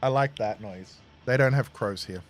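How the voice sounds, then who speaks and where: A man's voice: on the low side, moderate pace. A man from Australia with an Australian accent, chatting casually and telling rambling stories to a live stream audience while he plays a game. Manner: rambling, chatty, laughs at his own stories. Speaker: gaming streamer. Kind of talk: casual storytelling while gaming.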